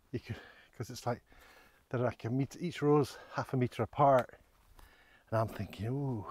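Hiking through open countryside, a vlogger from Scotland chats and rambles through his narration, poking fun at himself and getting slightly breathless on inclines. He speaks at medium pitch with a darkish tone.

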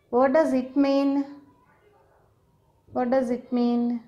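A woman teaches a grammar lesson at an unhurried, deliberate pace. Her voice sits a little high, and she checks often that her listeners are following. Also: fairly even intonation, dark tone. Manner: patient, slow explaining with frequent "okay?" checks. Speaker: English teacher. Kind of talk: explaining grammar to viewers.

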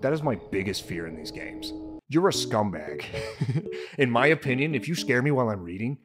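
A young man talks through a horror game, cracking jokes and muttering to himself, then yelping and swearing when it gets scary. His pitch swings widely from low mumbles to high-pitched shouts. Game music plays behind him. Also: very animated, moderate pace. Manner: jumpy and jokey, swearing and talking to himself. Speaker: let's play host. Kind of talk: horror game playthrough commentary.

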